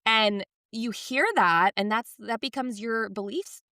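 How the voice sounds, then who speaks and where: Bright-voiced woman telling parenting stories. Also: fairly high pitch, unhurried, dry recording, clean studio sound. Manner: animated storytelling, acts out quotes. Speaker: podcast co-host. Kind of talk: casual podcast chat.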